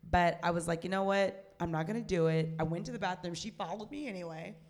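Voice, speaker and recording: A woman in her thirties telling a loud, profane story in casual chat, acting out the quotes with a rising voice. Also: fairly low pitch, quick pace.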